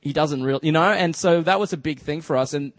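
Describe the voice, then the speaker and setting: An Australian man speaking to a church in a loose, conversational way, his sentences full of "just" and "you know". His voice sits a little higher than most men's, and the sound is close and dry, with almost no room echo. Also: fast. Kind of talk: casual storytelling sermon.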